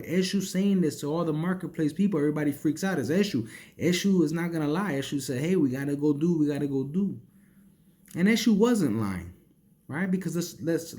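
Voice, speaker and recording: A man with a slightly raised speaking pitch explains a spiritual story as a teacher. He talks in an explanatory way, often checking in with "right?" and repeating words as he rethinks mid-sentence. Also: dark tone. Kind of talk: teaching by retelling a sacred story.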